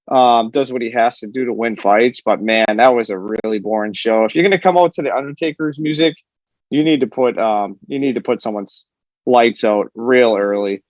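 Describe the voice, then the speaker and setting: A man co-hosting a sports talk show, giving quick, opinionated fight analysis. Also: medium pitch, no echo, dull audio. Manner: opinionated, fast-talking analysis. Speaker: co-host. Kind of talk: casual sports chat.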